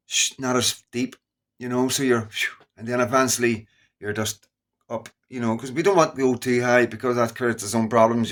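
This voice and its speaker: A middle-aged man with a Scottish accent, talking casually and earnestly to his viewers, rambling and repeating himself as he goes. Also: medium pitch. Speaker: YouTuber. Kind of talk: casual straight-to-camera talk.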